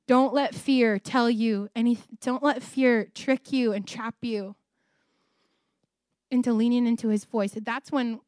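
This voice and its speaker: A woman with a fairly high voice preaches from her own life story, earnest and emotional. She drives points home by repeating phrases. The sound is dry and close, with little room echo. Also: fairly even intonation, unhurried, darkish tone. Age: adult, married ten years. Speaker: speaker sharing testimony. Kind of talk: personal testimony preaching.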